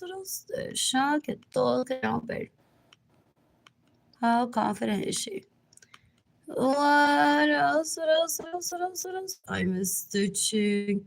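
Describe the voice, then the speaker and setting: A woman's voice: medium pitch, gravelly. A woman rambling through a livestream monologue, drifting between topics and repeating herself.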